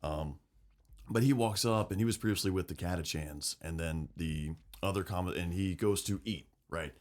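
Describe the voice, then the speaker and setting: Male podcast co-host, very low voice, casual and profane. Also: normal speed. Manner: animated, swearing, acts out quotes. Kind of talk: casual lore chat.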